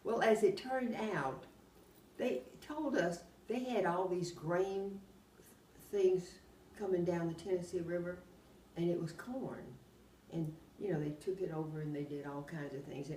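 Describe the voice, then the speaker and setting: An older woman with a drawl spins long, winding anecdotes, her voice sitting a little low. She sounds set back from the mic in a roomy space, with a faint hum behind her. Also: a little slow, recorded from a distance. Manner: rambling, animated, often laughing while telling anecdotes. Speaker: oral history interviewee. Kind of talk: casual storytelling.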